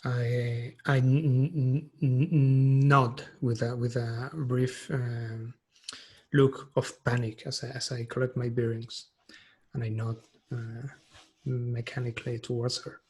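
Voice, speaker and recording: A man's voice: medium pitch, little pitch movement, slow, a little mellow, husky. A man playing a tabletop game, hesitantly describing what his character does over a video call. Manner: hesitant, stammering. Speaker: player.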